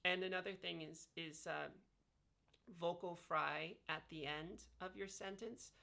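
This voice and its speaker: Woman vlogger, low-pitched with a gravelly fry, relaxed how-to talk full of fillers and sound demos. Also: a little slow. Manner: explains by demonstrating vowel sounds, many fillers. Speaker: vlogger sharing voice training tips. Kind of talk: casual instructional talk. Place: lying on her back.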